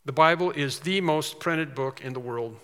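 A man's voice: on the high side, moderate pace, fairly bright tone, clear, resonant tone, big-room sound. A man preaching a sermon as pastor, earnest and emphatic, stressing key words.

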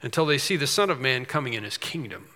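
A male preacher with a bright, forceful voice works through a scripture passage in a sermon. He lifts his voice for the quoted verses and drops into quick explanatory asides with frequent restarts. His voice rings with the long reverb of a large church hall. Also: mid-range voice, lively intonation. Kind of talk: expository sermon, reading scripture aloud.

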